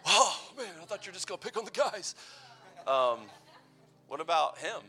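A man's voice: high-pitched, very animated, normal speed, pushed and bright, faint music behind. A man in his thirties giving a playful, conversational youth sermon full of personal stories. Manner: playful, conversational, teasing asides. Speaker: youth pastor.

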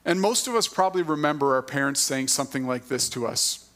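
A middle-aged man on church staff giving a sermon in a casual, halting way, often repeating words and using fillers. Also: medium pitch, animated, fairly bright tone.

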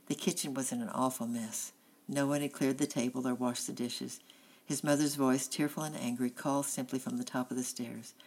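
A woman narrating a children's novel in a steady, plain reading voice. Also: very deep voice, moderate pace, rough recording. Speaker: audiobook reader. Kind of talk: storybook narration.

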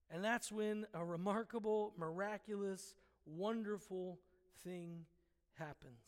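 A man's voice: sits high, in a large hall. A man preaching a sermon, earnest and teaching, with playful asides where he chuckles at the story.

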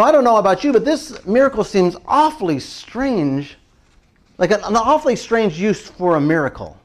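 A male pastor delivers a sermon in a light, high voice, talking in a chatty, animated manner. He laughs often and dramatizes quoted prayers as he goes.

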